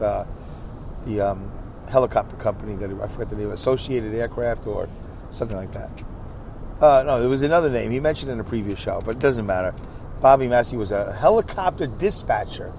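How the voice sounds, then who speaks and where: A man's voice: medium pitch, lively intonation, a little fast, a little mellow. A middle-aged man, a podcast host and comedian, rambling through a joking, self-deprecating monologue and acting out the voices he quotes. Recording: faint background noise.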